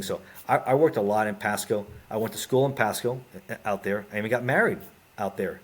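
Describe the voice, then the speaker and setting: A man's voice: on the low side, brisk, slightly rough. A middle-aged man, a former federal agent, telling plainspoken stories in a casual podcast interview.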